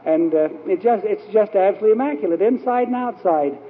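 A high-voiced, fast-talking church speaker rambles through anecdotes in a storytelling sermon, filling gaps with frequent fillers. A little hiss or hum sits over the tinny, echoey old hall recording.

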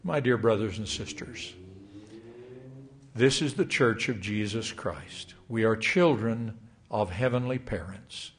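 Measured, lively-pitched older male preacher. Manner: measured, emphatic scripture reading. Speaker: church speaker. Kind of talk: sermon.

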